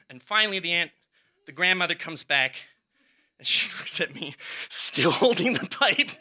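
A man telling a comedic personal story in an excitable, breathless way, laughing as he goes. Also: high voice.

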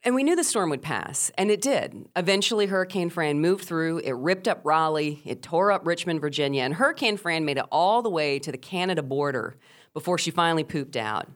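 A middle-aged woman, a former radio host, telling a first-person story with animated, emphatic delivery. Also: deep voice, brisk.

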